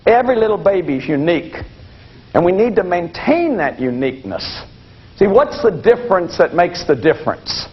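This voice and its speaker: A man's voice: high-pitched, very animated, moderate pace. An older man giving a lecture to an audience, folksy and anecdotal with self-deprecating humor. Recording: dull lo-fi broadcast recording.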